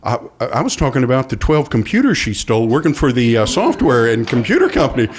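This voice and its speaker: Animated male storyteller with lively pitch. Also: fast. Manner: animated, acts out quoted voices. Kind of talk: live storytelling.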